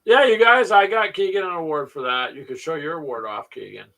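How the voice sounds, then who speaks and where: A man's voice: a little high, a little fast, sharp tone, distant mic. A man hosting a casual chat, joking and teasing his co-hosts. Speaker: host.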